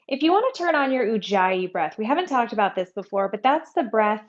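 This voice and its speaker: A woman with a fairly high voice leads a yoga class, talking calmly and casually through each pose and breath. The sound is a little muffled and lo-fi. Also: a little fast. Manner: calm, conversational, with breathy demonstration sounds. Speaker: yoga instructor. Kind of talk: guided yoga class instruction.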